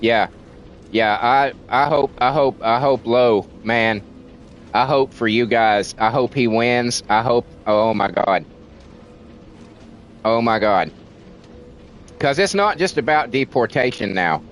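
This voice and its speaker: A man's voice: mid-range voice, takes it slowly, pauses often, slight background noise. A man from the United States, a livestreamer ranting in a heated, profane way and repeating words for emphasis. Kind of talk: casual ranting commentary on stream.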